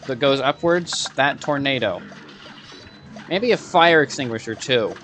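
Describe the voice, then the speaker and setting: A man's voice: mid-range voice, expressive, a little slow, fairly bright tone, faint music behind. A man giving gameplay commentary, muttering sarcastic asides to himself and breaking into frustrated outbursts. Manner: sarcastic, rambling self-talk while playing. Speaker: gaming video creator.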